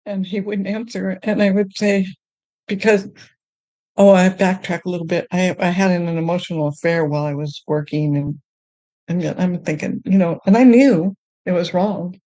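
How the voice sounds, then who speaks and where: A woman telling her faith testimony in a podcast conversation, earnest and emotional, often halting and restarting. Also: fairly low pitch, steady tone, warm tone, no room sound. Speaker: guest sharing her testimony.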